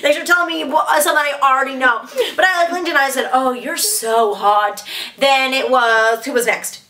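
Bright, excited young woman ranting. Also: high-pitched, fast talker, recorded from a distance. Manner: enthusiastic ranting, laughing, swearing. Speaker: fan vlogger. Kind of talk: casual chat. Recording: roomy echo, from the mic.

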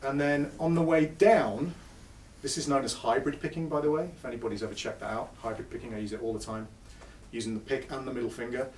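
Speaking fast in a steady, somewhat dark medium-pitched voice, a guitar clinician runs a chatty live lesson for a music-store crowd, poking fun at himself. There's slight background noise, the room echoes and the mic sits far away, and he plays guitar between phrases.

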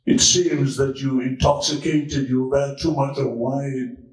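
A man voicing a stern old male priest who gruffly dismisses a woman. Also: medium pitch, steady tone, takes it slowly, voice pushed down, lightly acted. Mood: scolding. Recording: very echoey room, far from mic.

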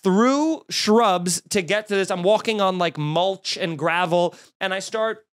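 High-voiced exasperated comedian. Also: male voice, unhurried. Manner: profane, exasperated, acts out quotes loudly. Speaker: comedian podcast host. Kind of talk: animated comic storytelling rant.

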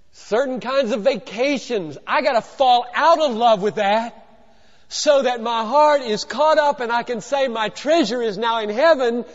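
An older male pastor preaching in a high, very lively voice that leaps between loud emphasis and hushed near-whispers. He is recorded in a large hall with long reverb. The sound is a little dull and lo-fi. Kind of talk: sermon.

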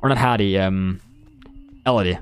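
A young man giving casual live commentary on his own gameplay, excitable, laughing and swearing as he talks to the players on screen. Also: deep voice, moderate pace, clear, resonant tone.

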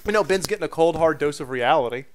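A man chatters playfully through a video game, giggling and being silly. His voice sits high and bounces widely in pitch. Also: animated, fast, soft background music. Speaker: gameplay commentator. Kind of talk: playful let's-play chatter.

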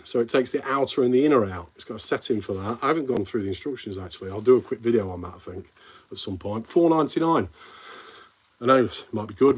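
There's a breathy edge to this medium-pitched man's voice as he hosts a casual live stream in a Midlands English accent. Rambling along, he answers comments from viewers, bantering in a friendly way and calling them mate.

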